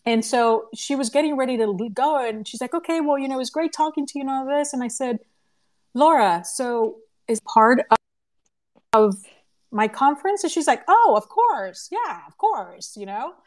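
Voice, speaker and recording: Animated woman telling an excited story. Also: sits high, normal speed. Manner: animated, laughing, acts out quoted voices. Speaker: conference organizer and podcast host. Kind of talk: casual storytelling in a live audio room. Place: home living room. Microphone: phone or computer mic in a live audio room.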